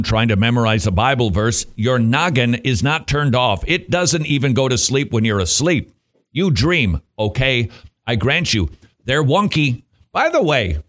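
A man hosts a Christian talk radio show, his pitch swinging widely as he jokes his way through a monologue. He laughs often and throws in playful asides between points. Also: fairly bright tone.

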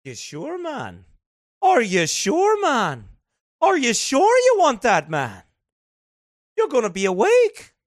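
A man's voice: extremely high pitch, huge pitch swings, slow, long pauses, dry recording, clean studio sound, heavily acted. A man voicing a doubtful male barista with a put-on Scottish accent who keeps asking the same question. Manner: repeats questions, drawling "man".

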